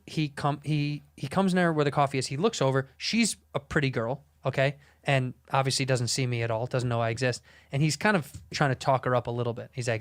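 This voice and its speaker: A man telling a rambling, profane story in a casual, animated way. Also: medium pitch, brisk, hardly any pauses.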